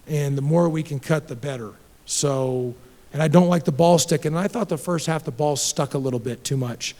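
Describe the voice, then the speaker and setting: A middle-aged man, a basketball head coach, answering questions at a post-game press conference in a direct, animated way, with many restarts and repeated words. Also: mid-range voice, a little fast, in a large hall.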